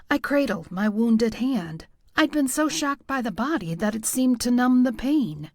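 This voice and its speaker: A woman narrating a first-person audiobook with a wry, expressive delivery on a close studio mic. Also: fairly high pitch, unhurried, few pauses, dry recording.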